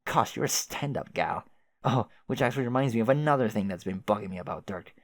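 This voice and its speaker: A man's voice: fairly low pitch, lively intonation, fast talker. A man voicing a chatty, oblivious young male adventurer who rambles with old-fashioned folksy exclamations. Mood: rambling.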